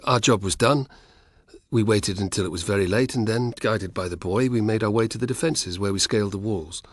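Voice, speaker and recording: A man's voice: lowish voice, a little fast, no room sound, studio quality, lightly acted. A man reading an audiobook, voicing a sheepish, nervous young Roman spy explaining himself. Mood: relieved.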